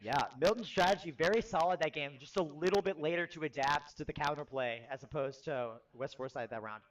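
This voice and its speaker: High-voiced young male color commentator. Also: a little fast, rough recording. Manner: relaxed, jokey analysis.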